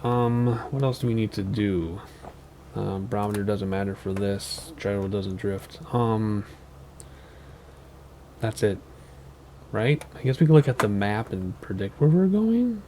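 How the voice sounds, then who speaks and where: A man's voice: fairly low pitch, measured pace, long pauses, dark tone, slight background noise. A tired, sleep-deprived man hosting a flight sim channel, giving casual, rambling gameplay commentary with many ums and self-corrections.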